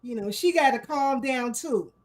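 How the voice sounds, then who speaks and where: Fired-up woman hosting a live talk show, high voice, lots of shout-outs. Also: moderate pace, poor audio. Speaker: host. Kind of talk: casual livestream talk show.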